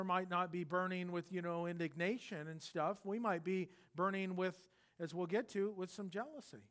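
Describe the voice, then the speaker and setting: High-voiced, emphatic male preacher. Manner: emphatic, swings from loud bursts to hushed intensity; conversational, repeats words when restarting. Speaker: pastor. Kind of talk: expository sermon.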